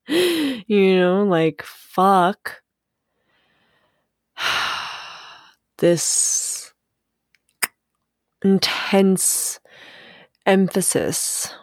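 Slow, musing woman hosting a podcast. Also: lowish voice, no room sound, clean studio sound. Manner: unhurried, musing, swears freely, laughs often. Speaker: podcast host. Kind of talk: casual solo podcast monologue.

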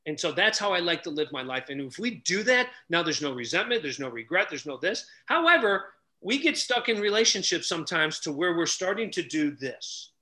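A middle-aged man telling stories loudly on a podcast, acting out each character's lines as a relationship coach. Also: on the high side, brisk, few pauses. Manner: animated, loud, acts out dialogue. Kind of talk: energetic storytelling in casual chat.

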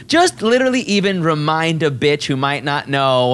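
Animated gossiping male podcast co-host. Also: fairly high pitch, moderate pace, clear, resonant tone. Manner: animated, gossipy, laughs often. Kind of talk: casual chat.

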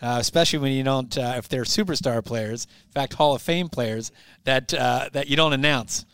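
A man's voice: medium pitch, normal speed, a bit bright, clean tone, no echo, studio quality. A man co-hosting a podcast, leading into stories in casual chat. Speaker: podcast co-host.

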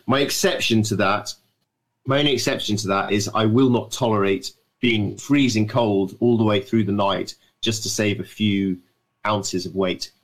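A man's voice: on the low side, normal speed. A man from the north of England with an English accent, a guest on a podcast, talking over a remote call from his writing shed with dry, self-mocking humor. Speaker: guest adventurer.

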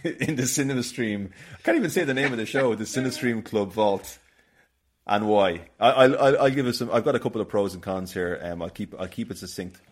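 A man's voice: fairly low pitch, a little fast. A man co-hosting a podcast, chatting casually about films, laughing often and restarting his sentences as he rambles. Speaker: podcast co-host. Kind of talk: casual film chat.

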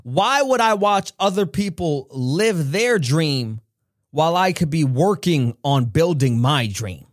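A man's voice: on the high side, animated, slow, no echo, studio quality, voice pushed down. A man imitating an older mentor who speaks firmly and with emphasis. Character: older motivational mentor, calm and firm.

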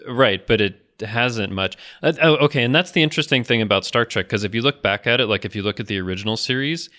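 A man's voice: medium pitch, quick pace, pushed and bright. An American man co-hosting a podcast in casual chat, enthusiastic and thinking aloud. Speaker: podcast co-host.

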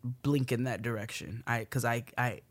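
A woman's voice: extremely low pitch, fairly even intonation, moderate pace. A woman in her thirties co-hosting a podcast, chatting casually, laughing often and dropping to a whisper for asides. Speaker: podcast co-host. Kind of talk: casual chat.

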